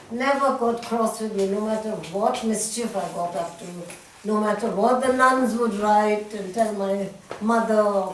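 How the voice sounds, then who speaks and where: An older woman from India, animatedly retelling memories with frequent laughs in an interview. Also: fairly high pitch. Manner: animated storyteller, laughs often, lively retelling. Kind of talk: reminiscing conversation. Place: talk room at a centre. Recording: echoey room, distant mic, faint hiss.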